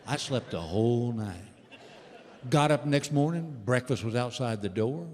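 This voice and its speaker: A man, performing stand-up comedy as an animated storyteller who acts out the voices he quotes. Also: medium pitch, measured pace. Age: 60s. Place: large indoor theater stage. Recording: live theater reverb with faint ambience.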